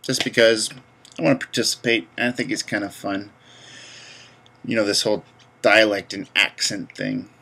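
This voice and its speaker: A man's voice: on the low side, steady tone, normal speed, gravelly, pauses often, sharp tone. A young man from Georgia with a Southern accent, casually rambling through a vlog and reading a word list aloud. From Georgia, USA. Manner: rambling, easygoing. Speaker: vlogger.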